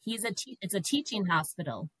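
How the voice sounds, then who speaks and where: A middle-aged woman guest telling a personal story in an animated way, breaking into laughter. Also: medium pitch, a little fast, slightly rough, no echo, poor audio.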